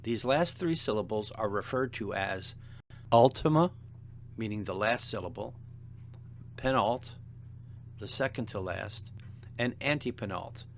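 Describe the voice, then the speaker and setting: A man teaching a seminary language lesson in a measured, deliberate, scripted narration. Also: fairly low pitch, creaky, slight background noise. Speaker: seminary instructor.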